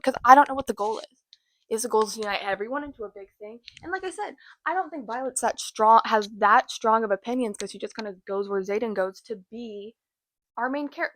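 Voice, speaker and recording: A woman hosting a casual book recap, talking in a rambling, chatty way with self-mocking asides. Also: a little high. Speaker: host.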